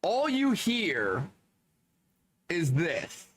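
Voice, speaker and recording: A man streaming, telling casual anecdotes in an animated way, laughing often and swearing freely. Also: fairly high pitch, drawn-out words, a little hiss or hum. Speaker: streamer reading chat.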